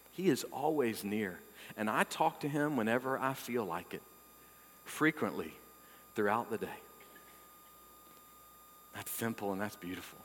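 A man preaching a sermon as pastor, swinging between loud, emphatic declarations and hushed, intimate passages. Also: medium pitch. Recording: long hall reverb.

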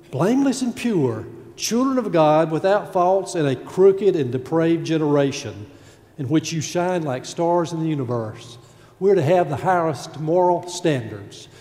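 Male pastor, high mellow voice, lively sermon, long sanctuary reverb. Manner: animated preaching, acting out grumbling voices.

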